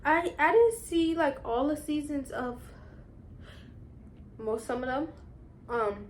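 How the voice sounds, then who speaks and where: A young woman vlogger talks straight to her audience in a loose, rambling way, jumping into side comments as she recaps. Her voice sits a little high, with a faint hiss of noise behind it. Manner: chatty, rambling recap with quick asides. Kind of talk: casual chat.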